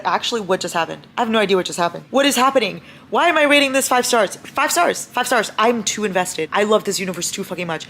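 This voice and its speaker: Young woman, book vlogger, gravelly fry in her voice, gushing and excitable, casual swearing. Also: on the low side, slight background noise. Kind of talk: casual reading vlog.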